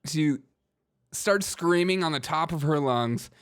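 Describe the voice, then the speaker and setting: A man's voice: a little high, measured pace, very noisy. A man hosting a comedic news commentary show, riffing, laughing often and repeating himself as he reacts. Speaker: show host.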